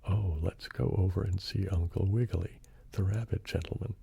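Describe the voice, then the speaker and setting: A man voicing a playful young kitten boy in a storybook reading, soft and breathy. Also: low voice, fairly even intonation, moderate pace, exaggerated voice. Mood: cheerful.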